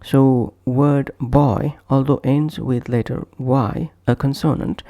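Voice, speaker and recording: A man giving a scripted pronunciation lesson, slowly repeating each example word pair. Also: medium pitch, fairly even intonation, warm tone, no room sound, clean studio sound. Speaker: pronunciation teacher.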